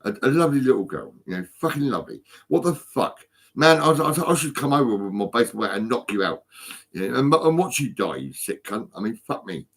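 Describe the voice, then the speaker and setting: A stoned man talks into his phone in a fairly low voice. He rambles, restarts and stumbles over his words, swearing in nearly every sentence. It is a loose, unscripted vlog. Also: big pitch swings, quick pace, slightly rough. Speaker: vlogger.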